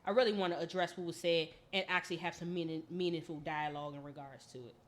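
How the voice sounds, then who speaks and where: A woman co-hosting a podcast in casual chat, telling stories in an animated, emphatic way. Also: sits low, fast. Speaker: podcast co-host.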